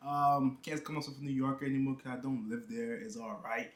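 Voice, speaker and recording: Speaking fairly quickly with hardly any pauses, a young man from New York keeps a steady tone at medium pitch. He's a YouTuber chatting casually and joking in a vlog, often saying "you know." The roomy sound comes from a half-unpacked room with boxes and bags.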